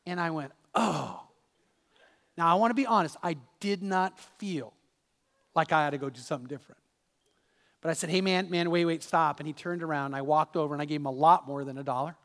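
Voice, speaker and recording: A man's voice: a little high, a little fast, fairly bright tone, long reverb tail. A man preaching a sermon as pastor, telling a personal story with restarts and repeated words.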